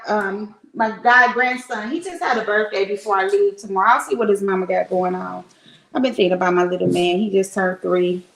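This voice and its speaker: Brief: woman streamer, middle pitch, loose and frank, talking to chat from home. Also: a bit bright, low-quality recording. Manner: chatty, rambling, frank, swears. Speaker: livestreamer. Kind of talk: casual chat with live viewers. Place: home in Cleveland. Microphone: streaming setup at home.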